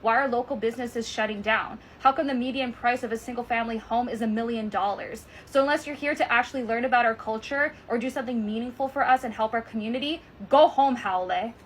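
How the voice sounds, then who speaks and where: A woman's voice: a little high, steady tone, fast talker, few pauses, a little hiss or hum, poor audio. A woman from Hawaii talking straight to camera in a firm, scolding, emphatic way. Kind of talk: direct-to-camera rant.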